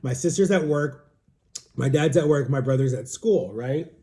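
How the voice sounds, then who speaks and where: A man's voice: mid-range voice, normal speed, mellow. A young man telling a personal story in a casual, rambling way, filling his talk with "like" and acting out what others said. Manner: rambling, frequent "like", quotes others in dialogue. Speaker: vlogger. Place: home.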